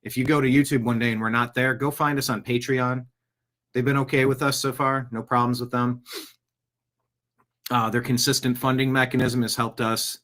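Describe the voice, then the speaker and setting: A man hosting his own news podcast, talking off the cuff. He rambles through restarts and asides, then drops in a joke. His voice sits at an ordinary middle pitch. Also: level tone, normal speed, fairly bright tone. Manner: rambling, jokey, slips into silly voices. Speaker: podcast host. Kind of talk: casual news commentary.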